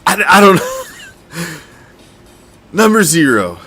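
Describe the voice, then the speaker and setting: A man hosting a casual sports commentary show, talking in an animated, profane, rambling way. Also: a little high, a little slow, faint music behind. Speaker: host.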